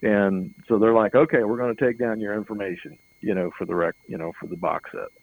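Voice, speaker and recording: A man's voice: on the low side, fairly quick, vocal fry, no room sound, phone-quality sound. A middle-aged man telling a long anecdote in an interview, rambling and chuckling, often repeating words as he goes. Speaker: interview guest. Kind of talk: casual anecdotal storytelling.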